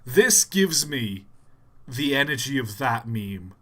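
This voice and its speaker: A man's voice: mid-range voice, sing-song, slow, fairly bright tone. A man streaming a game live, rambling and getting sidetracked as he reacts. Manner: rambling, easily sidetracked, laughs often. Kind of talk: casual live stream commentary.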